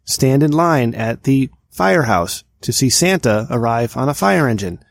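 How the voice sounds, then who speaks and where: A man's voice: mid-range voice, expressive, normal speed, creaky, no echo, clean studio sound. A man in his thirties co-hosting a podcast, telling a long exasperated story in casual chat. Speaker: podcast co-host.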